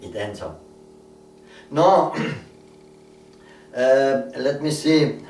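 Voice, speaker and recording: A man delivers a sermon, retelling a story at a middling pitch and leaning on repeated words. He stands a little away from the microphone. The room rings with echo, and a faint ambient hum sits behind him. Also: lively intonation, very slow, darkish tone. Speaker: preacher. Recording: echoey room, voice a bit far from mic, faint ambience.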